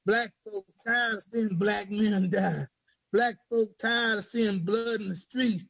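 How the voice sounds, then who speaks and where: Guy with a raspy gravelly voice reading his poem, kinda halting at first then rhythmic, dry close sound. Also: high voice, fairly even intonation, a bit bright, no room sound, low-quality recording. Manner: halting and hesitant in speech, rhythmic in recitation. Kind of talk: spoken word poetry reading.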